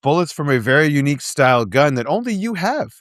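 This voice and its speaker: A man's voice: on the high side, very animated, fast talker, a bit bright, dry recording, studio quality. A man co-hosting a casual movie podcast, laughing often and making jokey asides. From Canada. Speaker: podcast co-host.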